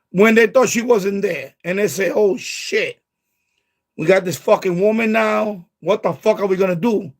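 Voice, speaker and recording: A man hosting a late-night live stream, chatting casually in an excitable, profane way and calling people bro. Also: sits high.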